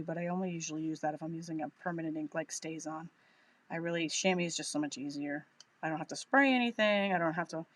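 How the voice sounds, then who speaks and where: A woman's voice: on the low side, fairly bright tone, dry recording. A woman with a Boston accent giving a chatty, upbeat live crafting tutorial, thinking aloud as she works. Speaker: craft demonstrator.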